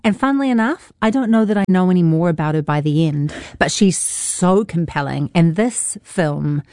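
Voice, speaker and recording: Woman film critic, enthusiastic and gushing, mellow, dry studio sound. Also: on the low side, lively intonation, moderate pace, dry recording. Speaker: film reviewer. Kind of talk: casual radio film review chat.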